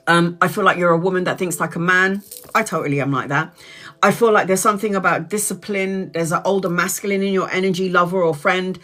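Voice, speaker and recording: A woman's voice: mid-range voice, a bit bright. A woman giving a live-streamed tarot reading, chatty and blunt, swearing casually as she talks. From Brazil. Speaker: tarot reader.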